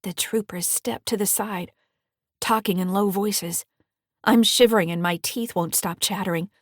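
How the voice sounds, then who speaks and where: A woman's voice: mid-range voice, steady tone, normal speed, no echo, studio quality. Woman narrating a thriller audiobook. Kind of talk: scripted first-person narration.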